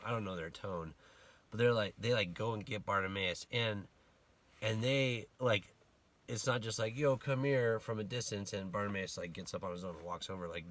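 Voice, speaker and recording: A man giving a casual sermon, retelling a Bible story in a conversational, animated way and acting out the people in it. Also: lowish voice. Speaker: preacher.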